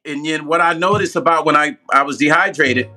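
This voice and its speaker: A man hosts a live stream and chats loosely with his viewers in a very bright, slightly high voice. He repeats himself for emphasis and laughs at his own slips. Faint music plays behind him. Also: fairly quick.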